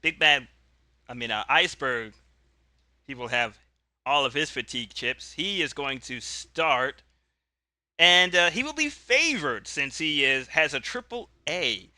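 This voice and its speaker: A man's voice: on the high side, expressive, unhurried, sharp tone, dry recording. A man narrating a solo tabletop wrestling game in a rambling, cheerful way, often correcting himself.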